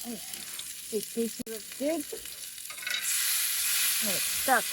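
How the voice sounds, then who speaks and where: Casual cooking vlogger, a woman with a fairly high voice, talking through each step outdoors. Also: lively intonation, unhurried, pauses often, heavy background noise. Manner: chatty, thinking aloud while cooking. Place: outdoors by a camper.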